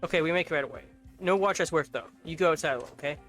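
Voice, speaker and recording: A man's voice: on the high side, racing, fairly bright tone, faint music behind, close to an everyday voice. A man voicing a male forger in a video game, talking in clipped broken English with short choppy sentences. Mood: eager. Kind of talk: reading game subtitles aloud in voices.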